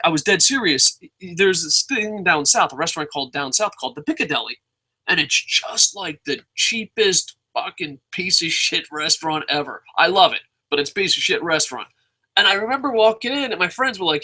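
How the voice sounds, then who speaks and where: A young man from New Jersey giving a rambling, excitable wrestling review, swearing constantly and poking fun at himself. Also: high voice, brisk. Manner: excitable, rambling, heavy swearing, self-mocking. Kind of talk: casual profane review rant.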